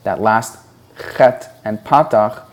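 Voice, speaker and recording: A man with a deep, low voice teaches a reading lesson at an unhurried, deliberate pace. He explains each rule patiently and breaks words into syllables, sounding them out one by one. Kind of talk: slow, deliberate instructional explanation.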